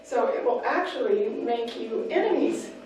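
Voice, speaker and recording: A woman giving a parenting workshop talk, lively and acting out little scenes as she teaches. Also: fairly high pitch, normal speed, a little hiss or hum. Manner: lively, acts out scenes in voices. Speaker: parenting class speaker. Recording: echoey room, mic far off.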